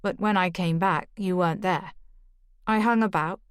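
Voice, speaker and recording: A woman's voice: fairly low pitch, normal speed, smooth, dry recording, studio quality, close to an everyday voice. A woman reading the lines of a sheepish, apologetic Irish man in an audiobook. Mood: explaining. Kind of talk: audiobook character dialogue.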